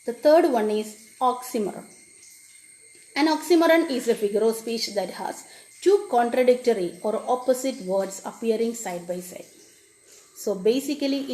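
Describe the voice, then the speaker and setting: A woman teacher, explaining a poem to children and repeating each definition slowly. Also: on the high side, animated, a little mellow. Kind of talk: classroom lesson on a poem. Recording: echoey room with faint background noise.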